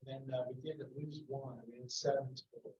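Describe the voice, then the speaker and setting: A friendly man chats in a halting way, with an average-pitched voice. He sounds far from the mic in an echoey meeting room, and the audio is dull. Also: little pitch movement, a little mellow, slight background noise. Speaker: township supervisor. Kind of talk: casual chat.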